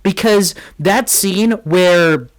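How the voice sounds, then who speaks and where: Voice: medium pitch, drawn-out words. A podcast co-host in casual film-review chat, ranting in anger with heavy swearing and constant filler words.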